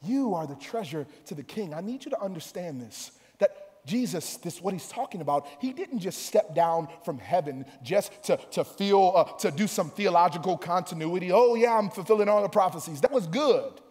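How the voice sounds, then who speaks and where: High-voiced man preaching in a hall. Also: sing-song, normal speed, hardly any pauses. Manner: swings between soft, low passages and loud, sing-song preaching. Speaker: pastor. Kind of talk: sermon.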